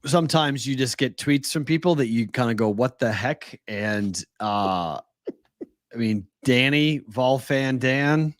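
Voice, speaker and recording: A man co-hosting a sports talk show, chatting casually and upbeat, repeating words when excited. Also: medium pitch, a little slow, no room sound, studio quality. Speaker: co-host.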